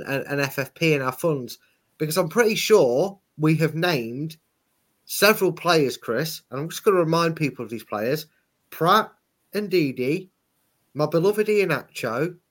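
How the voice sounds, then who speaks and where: A man's voice: a little high, fairly bright tone. Chatty sarcastic man. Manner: chatty, sarcastic, laughs while telling stories. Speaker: podcast co-host. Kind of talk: casual football chat.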